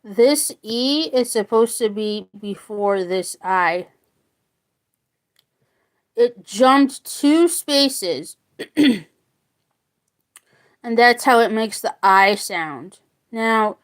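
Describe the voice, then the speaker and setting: Slow, high-voiced woman teaching phonics. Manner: slow, deliberate, repeats words to sound them out. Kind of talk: spoken phonics lesson.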